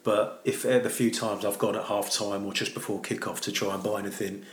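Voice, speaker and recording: A man's voice: fairly low pitch, level tone, a little fast. A man co-hosting a casual football podcast, talking in a chatty, hesitant way with fillers and restarts. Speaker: podcast co-host. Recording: echoey room.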